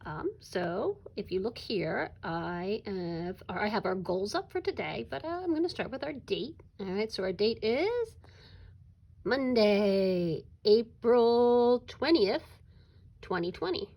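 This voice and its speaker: A woman who is a kindergarten teacher, giving a recorded remote classroom lesson in an animated way, drawing words out and breaking into sudden high exclamations. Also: takes it slowly, creaky.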